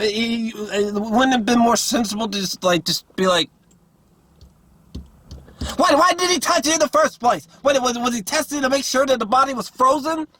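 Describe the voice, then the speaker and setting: A man with a fairly high, husky voice rants through a casual movie review. He sounds exasperated and swears freely. He stumbles over his words with lots of fillers and restarts. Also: pushed and bright. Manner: exasperated, profane, rambling with many fillers and restarts.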